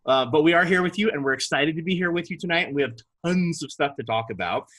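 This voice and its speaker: A chatty, enthusiastic man co-hosting a fan podcast. His voice is a little husky and sits somewhat high for a man. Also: expressive, fast, a bit bright. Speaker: podcast co-host. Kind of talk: casual fan podcast chat.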